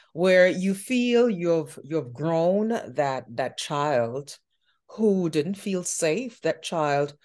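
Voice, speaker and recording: Slow, low-voiced reflective woman host. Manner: slow, thoughtful, drawn-out phrasing. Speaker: podcast host. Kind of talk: reflective conversational interview.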